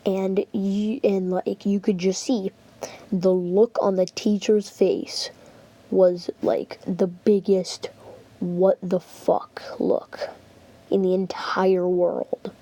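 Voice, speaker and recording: A woman's voice: mid-range voice, level tone, slow, mellow. Rambling young woman telling a story. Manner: rambling, heavy use of "like" and fillers. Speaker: channel host. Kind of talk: casual story time vlog.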